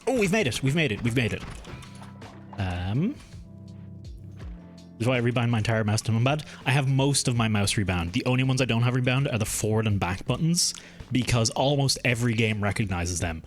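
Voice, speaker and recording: A man with a mild Irish accent, chatting casually and rambling while streaming a game, swearing freely. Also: medium pitch. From Ireland. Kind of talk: casual live-stream chat while gaming.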